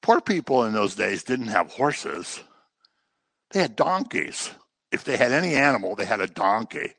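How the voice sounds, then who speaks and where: A man's voice: medium pitch, very animated, moderate pace, gravelly, fairly bright tone, no echo. A man teaching through a Bible passage verse by verse, conversational and explanatory with humorous asides.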